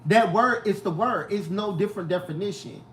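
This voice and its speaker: A man's voice: high-pitched, fairly quick, a little hiss or hum, low-quality recording. A man as an interview guest in casual chat, talking earnestly and with emphasis, often acting out voices.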